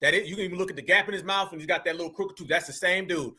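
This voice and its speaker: A man hosting a reaction commentary, talking in an animated, slangy way and addressing viewers as family. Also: high-pitched, very fast, slightly rough. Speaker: commentary host.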